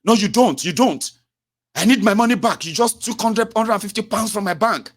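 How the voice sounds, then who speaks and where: A man voicing a furious male customer who shouts that he wants his service cancelled. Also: high-pitched, brisk, voice pushed up. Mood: indignant. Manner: shouting, ranting accusations.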